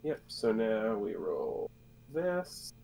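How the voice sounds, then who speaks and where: Relaxed man running a tabletop game. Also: lowish voice, drawn-out words, creaky, slight background noise. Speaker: game master. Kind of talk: casual game narration.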